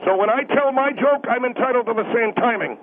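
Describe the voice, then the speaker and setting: A man's voice: extremely high pitch, fairly quick. A man voicing a pompous, combative middle-aged male talk-radio guest who needles and repeats his taunts in a sing-song way, heard over a phone line. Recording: tinny phone line with hiss.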